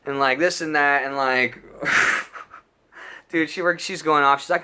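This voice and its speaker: Bright-voiced young man telling a crude story. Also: fairly high pitch, a little slow, clear, resonant tone. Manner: crude, slangy, animated, peppered with dude and bro. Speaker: storyteller vlogger. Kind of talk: casual storytime monologue.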